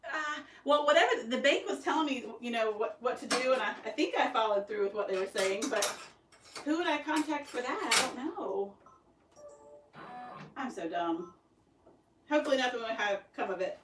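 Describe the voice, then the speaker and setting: A woman's voice: a little high, lively intonation, moderate pace. Chatty woman in an echoey workroom. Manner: chatty, self-deprecating, reads out viewer comments. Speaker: embroidery shop owner streaming live. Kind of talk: casual live-stream chat. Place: home craft workroom with a sewing machine running. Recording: roomy echo, distant mic, faint noise.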